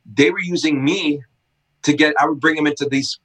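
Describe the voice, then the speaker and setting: A middle-aged man, a skate shop owner, telling animated casual stories with lots of swearing and loud acted-out quotes. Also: a little high, moderate pace, breathy edge, low-quality recording. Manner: excitable, swearing, acts out quotes loudly. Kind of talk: casual storytelling.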